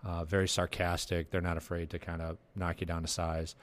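A man hosting a casual podcast chat, animated and quick to laugh. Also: deep voice. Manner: animated, quick to laugh and jump into put-on voices. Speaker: podcast host.

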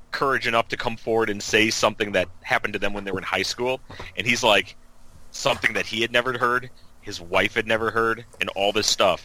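A man's voice: on the low side, bright, forceful tone, a little hiss or hum, poor audio. A man co-hosting a casual podcast chat, rambling with lots of fillers. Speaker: podcast co-host.

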